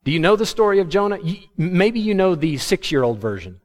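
A man preaching a sermon to his congregation, animated and humorous, acting out the words of biblical figures. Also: sits high, brisk. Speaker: pastor.

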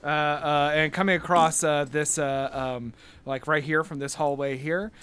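A man narrating a tabletop game as game master, halting with many filler sounds. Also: a little high, level tone, a bit bright, smooth.

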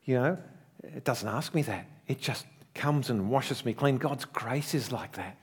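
Earnest pastor preaching a sermon. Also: male voice, mid-range voice, breathy edge. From Australia. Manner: earnest storytelling with swelling emphasis and soft, slowed asides.

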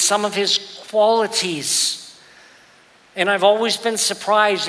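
A man's voice: sits high, pushed and bright, big-room sound. A man preaching a sermon as pastor, telling a story and acting out its quotes with rising intensity. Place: church sanctuary.

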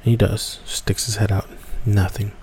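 A man casually telling a spooky woods story, rambling and dropping to hushed whispers at tense moments. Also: fairly low pitch, moderate pace, slight background noise. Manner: relaxed, rambling, drops to hushed whispers for tension. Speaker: podcast storyteller.

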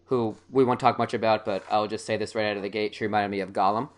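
A man's voice: lowish voice, steady tone, fast. A man co-hosting a casual podcast chat, rambling and joking with many fillers. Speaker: podcast co-host.

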